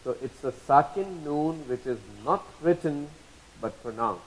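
Patient man teaching, soft hiss. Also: on the high side, lively intonation, rough recording. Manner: patient, repeats terms slowly, asks checking questions. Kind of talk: explanatory lesson.

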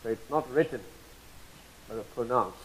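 A man teaching a lesson, patiently spelling out terms, repeating examples slowly and asking checking questions. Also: mid-range voice, lively intonation, rough recording. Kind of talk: explanatory lesson.

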